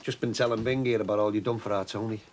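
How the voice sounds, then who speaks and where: An actor playing a chatty, emotional shopkeeper in a soap opera. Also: male voice, on the low side, fairly even intonation, quick pace, noisy background, natural voice. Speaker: shopkeeper raising money for his sick brother.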